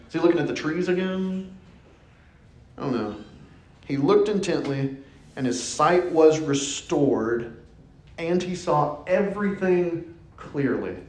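A man preaching a conversational sermon, playful and animated, telling the story with asides and quick acted-out quotes. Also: a little high. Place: church sanctuary. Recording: echoey church hall.

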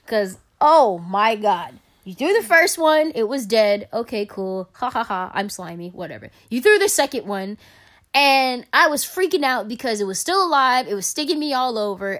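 High-voiced woman, animated profane storyteller. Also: moderate pace. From Caribbean family. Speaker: podcast co-host. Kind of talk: casual storytelling chat.

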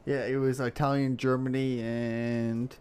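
A man's voice: mid-range voice, level tone, measured pace, a little mellow, slight background noise. Hesitant young man explaining casually. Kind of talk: casual chat.

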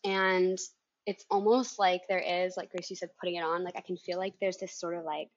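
A woman's voice: on the low side, fairly even intonation, fairly quick. A woman podcast co-host and founder coach chatting casually, encouraging and explaining at length. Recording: dull, lo-fi dry sound.

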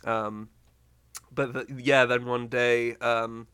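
A man's voice: mid-range voice, little pitch movement, slow pace, sharp tone, clear, resonant tone, no echo. A man co-hosting a podcast in casual chat, wry and rambling as he talks. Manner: rambling, lots of fillers and restarts, wry. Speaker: podcast co-host.

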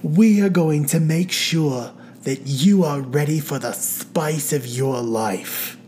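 A woman's voice: low voice, slow, mellow, a little hiss or hum. A woman voicing a dramatic, theatrical woman friend with a sweeping manner. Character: theatrical grand woman friend in kimono cardigan.

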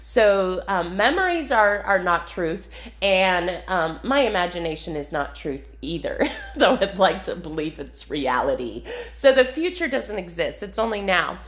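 A woman's voice: lowish voice, very animated, unhurried, fairly bright tone, reverberant. A woman talking casually through her meditation practice, chatty and rambling, with frequent laughs and fillers. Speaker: spiritual practice vlogger. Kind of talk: casual spoken meditation walkthrough.

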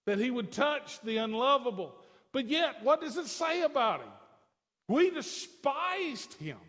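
A man's voice: very high voice, very animated, moderate pace, fairly bright tone. A man preaching a sermon as pastor, mixing folksy conversational asides with emphatic declarations, in a church sanctuary. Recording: long hall reverb.

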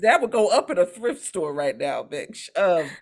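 A woman co-hosting a podcast, telling a story in a profane, animated, casual way. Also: lowish voice, moderate pace. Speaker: podcast co-host. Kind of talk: casual chat.

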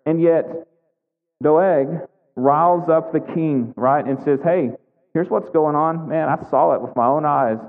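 A man's voice: on the high side, measured pace. Preacher man in an echoey hall. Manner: conversational, animated storytelling with frequent "right?". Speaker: pastor. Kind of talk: sermon. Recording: echoey hall, thin phone-like sound.

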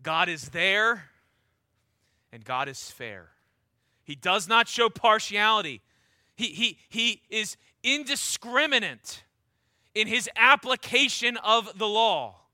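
A man's voice: high voice, expressive, takes it slowly, bright, forceful tone, no echo. A man preaching a sermon. He reads scripture aloud and drags out the key words for emphasis.

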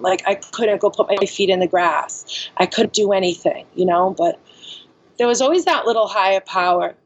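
A woman's voice: mid-range voice, slightly rough, dull audio. A woman speaking as a podcast guest, telling her own story candidly and frankly, filling her speech with "like" and "you know.".

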